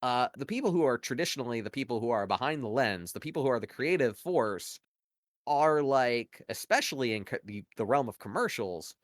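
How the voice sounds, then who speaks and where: Casual male podcast co-host, mid-pitch, dry close sound, opinionated and rambling. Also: lively intonation, a little fast, dry recording. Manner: rambling, heavy use of "like" and "you know" fillers; opinionated, argues points at length. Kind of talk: casual conversational analysis.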